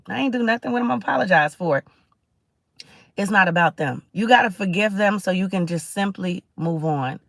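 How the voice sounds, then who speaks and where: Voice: mid-range voice, a bit bright, no echo. A Caribbean-born livestream host giving a preachy, conversational motivational talk, often checking in with listeners and answering viewer comments.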